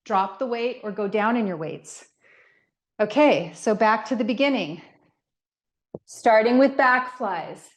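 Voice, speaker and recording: Woman fitness instructor, middle-aged, mid-pitched voice, talks slowly through movement cues and rep counts; roomy echo. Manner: counts reps and gives step-by-step movement cues. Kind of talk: guided workout class. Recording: echoey room.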